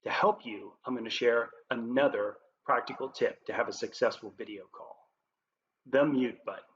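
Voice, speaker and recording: A man presenting as a leadership coach, giving scripted tips to camera in a clear, upbeat presenter manner. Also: medium pitch, moderate pace, a bit bright. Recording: roomy, slightly dull with faint noise.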